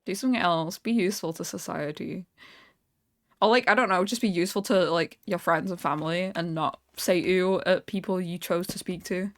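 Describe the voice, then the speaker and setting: A young adult woman streamer in casual chat, animated, swearing freely and laughing often. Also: lowish voice, normal speed.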